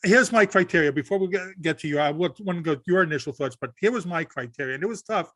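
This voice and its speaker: A man's voice: high voice, fast, bright, forceful tone, no room sound. A man co-hosting a casual podcast, rambling a little and restarting his sentences. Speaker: podcast co-host.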